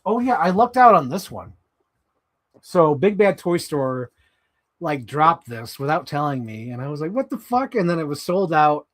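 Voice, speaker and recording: Male streamer, casual and animated, swears often, with a swinging, lively pitch. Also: moderate pace. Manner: animated, swearing, jumps into high mock voices. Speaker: live streamer. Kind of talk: casual live stream chat while handling toy figures.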